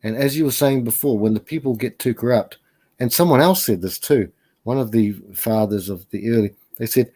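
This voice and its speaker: A man's voice: mid-range voice, expressive, fairly quick, warm tone. A man talking as a guest on a casual live stream, rambling and hesitant with lots of fillers.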